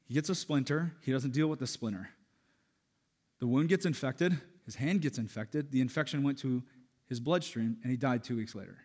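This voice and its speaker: A man preaching a sermon as pastor, animated and raising his voice to stress a point. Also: mid-range voice, moderate pace. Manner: animated preaching, voice rising for emphasis. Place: church sanctuary. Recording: church hall reverb.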